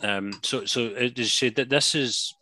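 A man's voice: medium pitch, unhurried, sharp tone, a little hiss or hum. A Glaswegian man co-hosting a casual film review chat, swearing freely and breaking into laughing asides. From Glasgow, Scotland. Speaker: podcast co-host.

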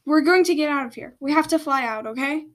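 A woman reading aloud as a fierce, protective dragon dad who barks orders in a loud, high voice. The storybook dragon stays fiercely loyal and commanding. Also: fast. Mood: urgent.

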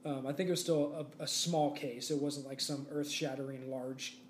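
A man's voice: mid-range voice, steady tone, normal speed. A young man co-hosting a casual podcast, telling a rambling story with lots of fillers. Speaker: podcast co-host. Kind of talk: casual chat. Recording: echoey room with faint background noise.

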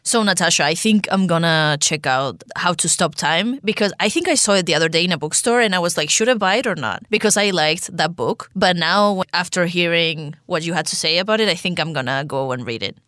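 A woman's voice: fairly low pitch, brisk, hardly any pauses, fairly bright tone, no echo, studio quality. A woman co-hosting a podcast, chatting casually and retelling a show with lots of "like" fillers. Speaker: podcast co-host.

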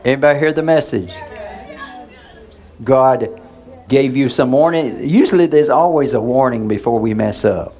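A man's voice: medium pitch, normal speed, pauses often, darkish tone. A male pastor preaching in a conversational way, asking the congregation questions and waiting for answers. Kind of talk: sermon.

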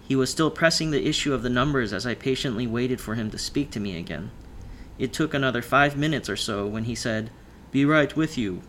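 A man narrating a first-person audiobook in a measured storytelling manner. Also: medium pitch, fairly bright tone, a little hiss or hum.

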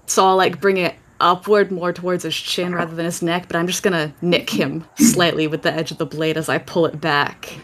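A woman's voice: on the low side, little pitch movement, fairly quick, few pauses. A woman playing a tabletop game, describing her character's actions hesitantly. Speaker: player.

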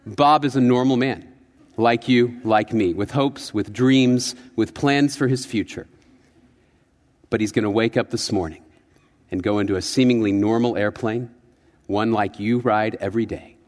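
Man doing an ominous, deep-voiced TV narrator, slow and hushed; church-hall reverb. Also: lightly acted. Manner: slow, dramatic, hushed delivery. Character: solemn, ominous male TV anthology narrator.

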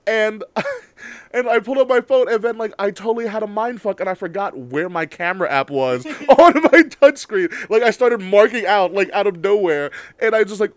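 A young man chatting casually as a podcast co-host, telling an excited story with lots of swearing and bursts of loud laughter. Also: high voice, fairly quick, no room sound. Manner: excitable storyteller, swears a lot, shouts when worked up. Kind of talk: casual chat.

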